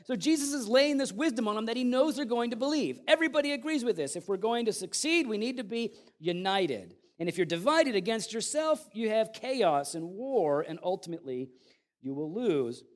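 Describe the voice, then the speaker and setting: High-voiced male preacher, lively and conversational, acts out scripture readings. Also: a little fast. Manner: animated, conversational preaching with dramatic Bible readings. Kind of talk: sermon.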